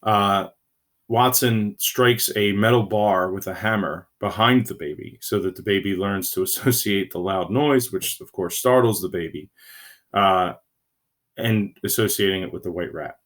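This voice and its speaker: A man teaching a recorded lecture to his students, halting and full of fillers, often checking in with "right?". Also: fairly low pitch, a bit bright. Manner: halting, many fillers and restarts.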